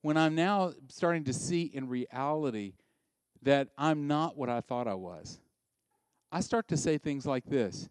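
Animated male preacher, dry close sound. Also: fairly high pitch, unhurried, clean tone, no room sound. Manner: animated, conversational, asks the congregation direct questions. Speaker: pastor. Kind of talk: sermon.

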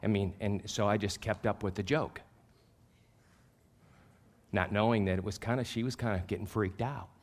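This fifty-something man preaches with a fairly low voice at a moderate pace, leaving long pauses. He's a pastor, and his sermon runs on animated personal anecdotes that poke fun at himself and swell in volume at the punchlines.

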